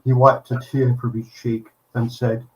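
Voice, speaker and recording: Give me a man telling a joke deadpan on a video call. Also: medium pitch, unhurried, low-quality recording. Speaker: regular telling the joke of the week. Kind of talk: casual chat and joke telling.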